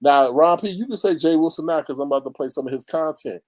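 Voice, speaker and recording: A man hosting a casual gossip commentary, animated and mocking, often jumping into high squeals. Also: fast talker, no room sound. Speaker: YouTube commentary host.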